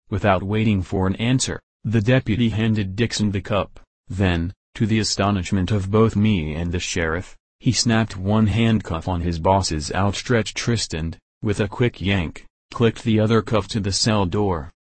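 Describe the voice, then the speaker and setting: Low-voiced man narrating steadily. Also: a little slow, no room sound. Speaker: audiobook narrator. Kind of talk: first-person audiobook narration.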